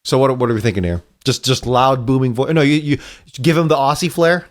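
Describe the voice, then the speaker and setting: A man's voice: medium pitch, fairly quick. A man co-hosting a casual podcast, reading a comic aloud and joking around in a laid-back way.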